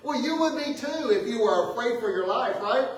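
A pastor preaching a sermon in lively style, shifting between booming exclamations and hushed asides, often chuckling. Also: male voice, moderate pace, a little hiss or hum. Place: church sanctuary. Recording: echoey hall, mic at a distance.

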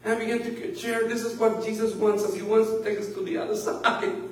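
A man's voice: sits high, level tone, a little fast. A man preaching a sermon as pastor, swelling in volume and breaking into laughs as he tells stories to the congregation. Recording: echoey room, mic at a distance.

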